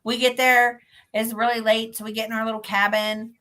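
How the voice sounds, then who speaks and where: A woman's voice: on the high side, fairly quick. A woman hosting a show, telling a story in casual chat and acting out her own reactions. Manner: animated, acts out her own reactions in quotes. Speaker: podcast host.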